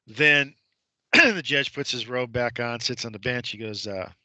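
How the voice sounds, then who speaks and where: Male radio guest, mid-pitched and bright, with a dry close sound. Emphatic storyteller who acts out the voices of the people in his story. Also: measured pace, no echo. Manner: retells courtroom scenes, imitating the judge's voice; emphatic, repeats points with rhetorical questions. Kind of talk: conversational storytelling on a radio show.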